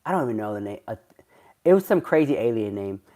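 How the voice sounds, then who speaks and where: A man's voice: fairly low pitch, very animated, quick pace, mellow. A man chatting casually on a livestream, rambling in a gossipy way and answering viewers' comments. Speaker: livestreamer reading chat.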